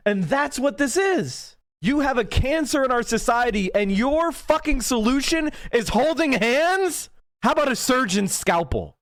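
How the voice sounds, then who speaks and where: A man's voice: very high voice, big pitch swings, unhurried, no room sound, clean studio sound. A man from Pennsylvania hosting a political livestream, ranting angrily and swearing with heavy emphasis. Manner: angry, profane, emphatic. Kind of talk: heated livestream rant.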